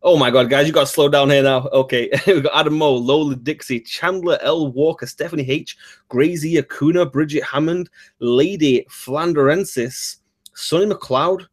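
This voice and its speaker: A man with a Mancunian accent reads out viewers' names as a livestream guest. He moves through the list quickly and drops brief asides between names. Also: fairly high pitch. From Manchester, England. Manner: rapid roll call, brief asides. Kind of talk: reading chat names on a livestream.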